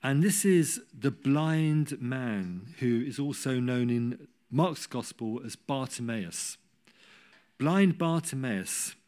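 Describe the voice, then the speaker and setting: A man preaching a sermon, telling a Bible story with humorous asides and rising to loud cries when he quotes. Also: mid-range voice, slow, hardly any pauses.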